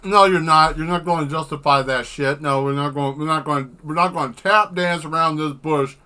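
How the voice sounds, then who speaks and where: A man's voice: a little high, normal speed, pushed and bright, smooth. A man chatting casually on a livestream while drawing, rambling into exaggerated comic rants and swearing freely. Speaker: artist streaming while drawing.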